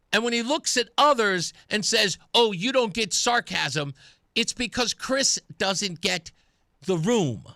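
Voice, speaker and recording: Hosting a talk radio show, a man delivers an opinionated monologue that mocks its targets, staying animated and laughing often. His voice sits high, and the recording is dry and studio quality.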